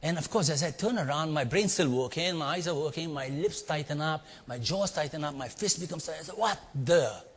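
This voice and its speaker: A man from India with an Indian accent, telling a story to a live audience and quizzing them with quick asides. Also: on the high side, a little hiss or hum. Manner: animated, quizzing the audience with "yeah?" and "right?". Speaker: leadership speaker. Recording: long hall reverb.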